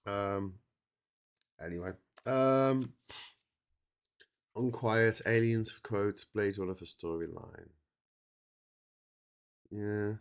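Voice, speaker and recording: A man's voice: on the low side, fairly even intonation, slow, pauses often. Rambling, tired man on a livestream. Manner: rambling, self-interrupting, chatty with mock-quoted dialogue. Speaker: livestream host. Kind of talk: casual livestream chat. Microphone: streaming setup mic.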